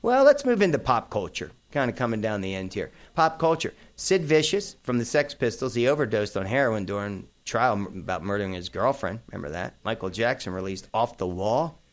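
A man's voice: on the low side, big pitch swings, brisk, few pauses. A middle-aged man hosting a casual chat, rambling through memories with plenty of fillers and asides. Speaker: host.

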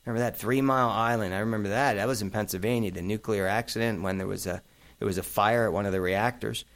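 A man's voice: lowish voice, fairly even intonation, quick pace, fairly bright tone. A middle-aged man hosting a casual chat, rambling through memories with plenty of fillers and asides. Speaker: host.

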